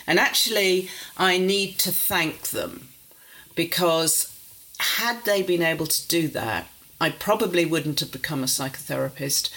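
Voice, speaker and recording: Older english woman, lowish voice, telling family stories dry and self-mocking, does little voices for people. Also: a bit bright, rough recording. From England, near Warrington. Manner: wry, self-mocking, acts out quoted voices. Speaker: interview guest, psychotherapist and author. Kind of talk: casual conversational storytelling.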